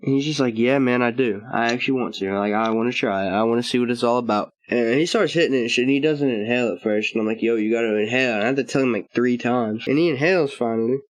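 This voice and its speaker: A man's voice: mid-range voice, fast, few pauses, no room sound. Rambling, laughing young man telling a storytime. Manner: rambling slangy storytelling, frequent laughs and cursing. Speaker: channel host. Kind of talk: storytime vlog.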